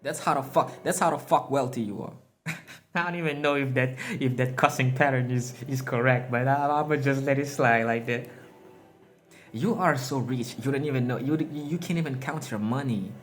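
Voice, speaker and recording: A man giving a freewheeling motivational monologue, emphatic and full of profane slang, laughing at himself now and then. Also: mid-range voice. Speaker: motivational speaker.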